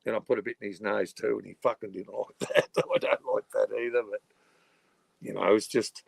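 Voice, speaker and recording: A man's voice: fairly low pitch, steady tone, moderate pace, creaky, slightly rough, dry recording. A middle-aged Australian man hosting a livestream, rambling and swearing heavily, with lots of "you know" filler. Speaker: livestreaming channel host. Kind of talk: rambling casual livestream chat.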